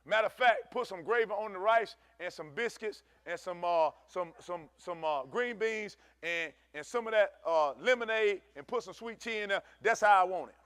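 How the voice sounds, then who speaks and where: Pastor preaching in church, high-pitched man, animated and chatty, close dry mic. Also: moderate pace, few pauses, clear, resonant tone, dry recording. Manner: animated preaching, swings from shouting to low asides; conversational, uses African American Vernacular English. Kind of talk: sermon.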